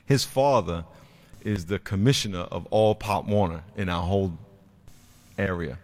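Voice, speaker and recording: Preacher guy, lowish voice, tells stories all animated, goes quiet then loud. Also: moderate pace. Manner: animated storyteller, acts out kids' voices, swings from quiet to loud. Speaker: pastor and youth football coach. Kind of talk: sermon with storytelling.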